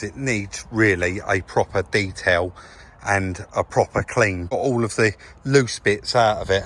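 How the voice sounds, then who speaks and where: A relaxed, chatty man from England talks to camera in a car workshop while he works. His voice sits on the low side, with faint workshop hum behind him. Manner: chatty, relaxed, says "crack on" and "guys" often. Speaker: car rebuild vlogger. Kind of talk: casual walkthrough talking to camera.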